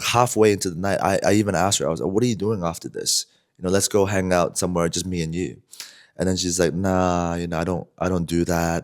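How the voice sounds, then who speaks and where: A man vlogging, talking casually to the camera in a relaxed, rambling way, with lots of "you know" and "like". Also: low-pitched.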